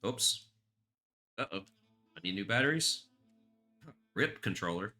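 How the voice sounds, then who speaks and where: A man streams a video game, joking and rambling casually into his desk mic as live-stream commentary. His fairly low voice is expressive and sharp-toned, slow with frequent pauses, over soft background music.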